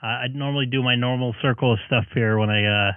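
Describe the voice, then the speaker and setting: A man's voice: medium pitch, steady tone, fast talker, clean tone, no room sound. Friendly male ham radio host. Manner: friendly, chatty with filler words. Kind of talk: casual radio chat. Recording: narrow phone-like radio sound.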